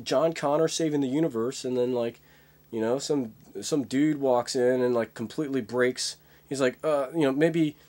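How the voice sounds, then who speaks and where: A man's voice: mid-range voice, darkish tone. A young man vlogging in a casual, rambling monologue, full of fillers and swearing. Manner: rambling, many fillers, profane.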